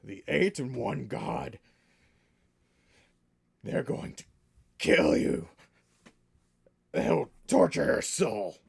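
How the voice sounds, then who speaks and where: A man voicing a large, menacing male orc warrior in a bone mask, speaking gruffly with a put-on southern drawl. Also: mid-range voice, very animated, extremely slow, long pauses, darkish tone, full character voice. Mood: accusing. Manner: accusing, threatening.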